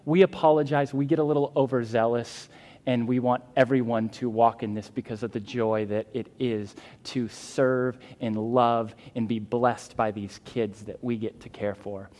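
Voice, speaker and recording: A man's voice: mid-range voice, steady tone, normal speed, darkish tone. A man preaching a sermon as a pastor, earnest and emphatic, with fillers and restarts. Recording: long hall reverb.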